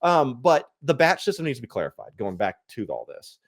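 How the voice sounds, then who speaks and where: A man's voice: medium pitch, fairly quick. Guy ranting on a podcast, voice jumps up and down, does whiny impressions. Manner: animated ranting, mimicking others in a whiny voice. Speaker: podcast guest, collector. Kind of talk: casual podcast chat.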